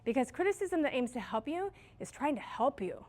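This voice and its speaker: A woman's voice: sits high, very animated, fairly quick, a little mellow. Chatty woman leading a staff training talk. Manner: casual, chatty, self-deprecating with stories. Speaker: restaurant manager.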